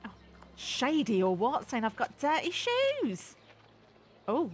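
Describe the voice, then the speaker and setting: A woman's voice: high voice, wildly swooping pitch, takes it slowly, a little hiss or hum. A woman hosting a gaming channel, chatting and giggling to herself as she plays. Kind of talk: game playthrough commentary.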